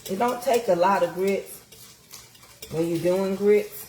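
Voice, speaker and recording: A woman's voice: mid-range voice, slow pace, dark tone, slight background noise. A middle-aged woman chatting casually in a livestream while she cooks in her home kitchen, folksy and motivational. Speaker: vlogger. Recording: echoey kitchen with frying sizzle.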